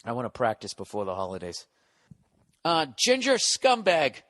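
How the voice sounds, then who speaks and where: A man in his forties with a sore throat rants through a comedic podcast monologue, profane and sarcastic. His voice is mid-pitched and close to the mic in a dry, dead room. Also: wildly swooping pitch, moderate pace, a bit bright, dry recording. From United States. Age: 40s. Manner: profane, ranting, sarcastic storytelling. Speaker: podcast host.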